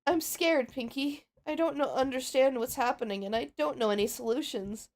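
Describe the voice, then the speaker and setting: A woman's voice: sits high, moderate pace, a little mellow. A woman voicing Twilight Sparkle, an anxious, studious mare pony, narrating worried diary-like entries while role-playing a game.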